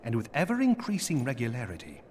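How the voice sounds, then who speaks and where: A man's voice: medium pitch, huge pitch swings, quick pace, a little mellow, breathy edge. An actor playing a gracious, stately older nobleman in a video game, speaking in formal, archaic courtly phrasing. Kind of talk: video game cutscene voice acting.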